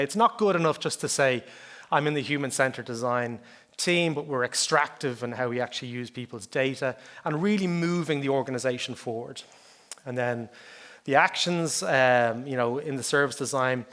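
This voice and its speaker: A man's voice: medium pitch, fairly bright tone. A middle-aged Irish man giving a conference talk in a conversational way, often checking in with "okay?". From Ireland. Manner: conversational, chatty, often adds "okay?" and "like, you know". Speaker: conference speaker.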